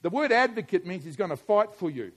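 A middle-aged man preaching a sermon, moving from quiet musing to loud, emphatic preaching. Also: high voice, big pitch swings, a little fast.

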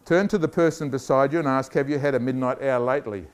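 A man preaching a lively sermon, joking and acting out voices and scenes for the congregation. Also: mid-range voice, fast talker. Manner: animated, jokey, acts out voices.

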